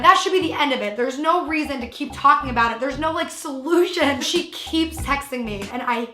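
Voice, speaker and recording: A woman's voice: high voice, lively intonation, brisk, hardly any pauses, pushed and bright, roomy sound, faint music behind. A young woman telling a casual storytime, exasperated and venting, with lots of "like". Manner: venting, exasperated, heavy use of "like".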